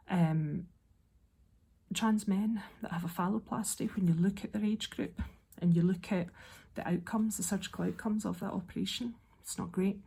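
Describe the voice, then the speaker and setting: A woman ranting in an exasperated way in a casual monologue, a little unwell and low on energy. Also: vocal fry, warm tone, husky. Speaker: vlogger.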